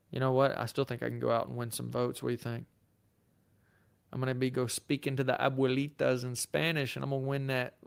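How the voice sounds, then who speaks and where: A man's voice: medium pitch, monotone, brisk, vocal fry, clear, resonant tone. A man with a Southern US accent, a lawyer hosting a livestream, who answers viewer questions in a casual, chatty way and thinks aloud. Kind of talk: live Q&A, reading viewer comments.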